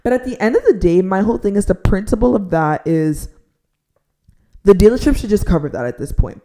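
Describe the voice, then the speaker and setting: A young adult woman telling a frustrated storytime rant, filling her talk with "like" and dropping to a near-whisper so she won't shout. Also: mid-range voice. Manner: exasperated, heavy use of "like", drops to a near-whisper to avoid shouting. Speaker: storytime vlogger.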